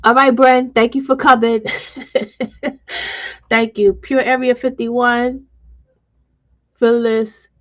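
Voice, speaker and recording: A woman's voice: a little high, level tone, slow, long pauses, fairly bright tone. A woman hosting a live stream, talking bluntly and emotionally and reading viewer comments aloud. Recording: dull lo-fi stream audio.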